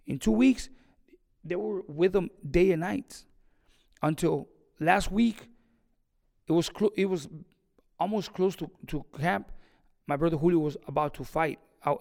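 A boxing trainer telling a story in an interview, animated and acting out the conversations he recalls. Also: a little high, moderate pace, gravelly, big-room sound.

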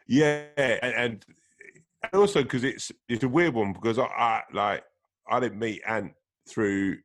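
A man telling stories in casual chat, sweary and animated. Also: mid-range voice, measured pace.

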